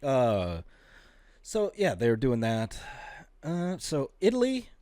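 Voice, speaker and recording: Podcast co-host, male, lively swooping delivery, dry close mic, casual comic banter. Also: mid-range voice, takes it slowly, no room sound. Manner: joking, reads news items aloud with asides. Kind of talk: casual comedic chat.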